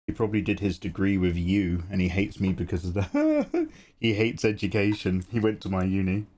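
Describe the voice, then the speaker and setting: A man's voice: low voice, sing-song, moderate pace, a little mellow. A sleepy young man chatting casually while drawing on a live stream, telling stories with frequent laughs and swearing. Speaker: art streamer.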